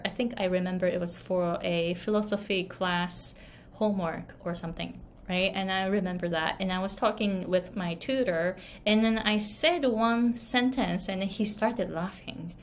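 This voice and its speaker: A woman with a Japanese accent and a fairly low-pitched voice gives casual storytelling advice to the camera, with a slight hiss or hum in the background. She's an online business and pronunciation coach, and her delivery is chatty, full of fillers and tag questions.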